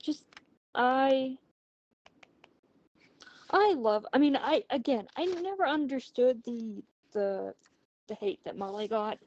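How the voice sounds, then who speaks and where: A woman's voice: high-pitched, lively intonation, slow, long pauses, a little mellow, dull audio. A woman chatting casually in a voice message about books she is reading, talking in an earnest, rambling, hesitant way. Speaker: book vlogger. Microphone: phone voice messaging app.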